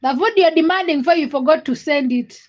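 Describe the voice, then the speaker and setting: A young woman with a high-pitched voice hosts a casual livestream, speaking fairly quickly. She reads comments and chats with viewers by name, giggling and teasing them.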